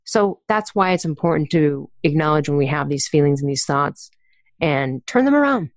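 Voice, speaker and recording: A woman's voice: low-pitched, lively intonation, normal speed, no room sound, studio quality. A woman speaking as an author and coach in a casual podcast conversation, candid and chatty, with slang and laughs as she talks.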